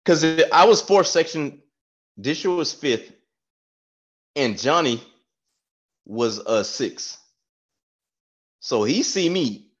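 A man telling an animated, profane army story with frequent laughs in casual podcast chat. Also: mid-range voice, slightly rough. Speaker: podcast co-host, former staff sergeant. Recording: dull lo-fi sound.

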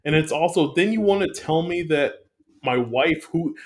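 Man, casual review chat, slightly higher voice, profane, rambling, animated. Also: moderate pace.

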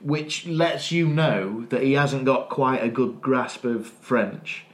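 A man's voice: medium pitch, slow pace. A man, chatting casually as a podcast co-host, rambling and restarting as he retells scenes. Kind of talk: casual chat.

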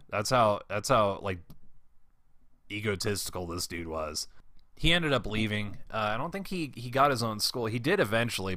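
Young man, lowish tense voice, profane rambling storyteller, dry close mic. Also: pushed and bright, no room sound. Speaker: former school janitor telling work stories. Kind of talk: casual storytelling monologue.

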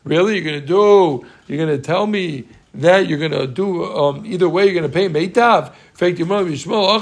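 A man teaching a Talmud class, animated and emphatic, repeating his points and teasing his students. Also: a little high, fairly quick, hardly any pauses.

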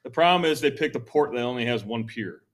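A man hosting a history podcast, explaining events in a relaxed, conversational way with many ums and likes. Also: medium pitch, fast talker. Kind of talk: casual history talk.

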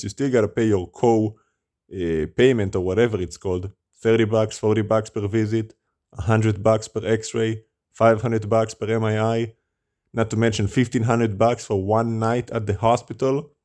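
A man's voice: on the low side, fairly even intonation, normal speed, a little mellow. A man preaching as a rabbi, with rhetorical questions and a scornful tone. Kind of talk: sermon.

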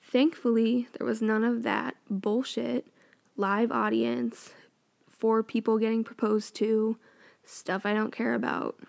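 A woman's voice: fairly high pitch, little pitch movement, slow, creaky, a little mellow. A young woman chatting casually and sarcastically as a vlogger recapping a TV show, full of opinions. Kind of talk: casual chat.

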